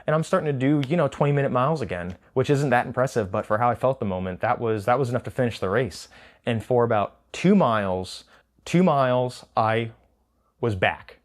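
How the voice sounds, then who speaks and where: A man's voice: mid-range voice, animated, fairly quick. Rambling, laughing man telling a race story. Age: adult with children. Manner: rambling, self-correcting, laughs often. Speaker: trail runner recapping a race. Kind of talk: casual spoken race recap.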